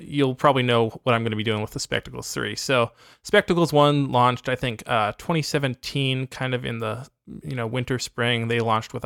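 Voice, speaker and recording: A man's voice: mid-range voice, creaky, no echo, clean studio sound. A man co-hosting a podcast, putting on a mock Australian accent and joking with enthusiasm. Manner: playful, enthusiastic, deadpan jokes. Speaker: podcast co-host. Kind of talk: casual podcast banter.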